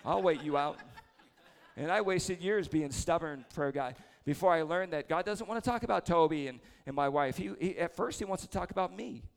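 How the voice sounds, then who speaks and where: Man in his 40s, gravelly lead pastor type, slightly high voice, chatty story-driven sermon with self-deprecating humor. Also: a little fast, few pauses. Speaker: prayer leader preaching. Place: church service before a congregation.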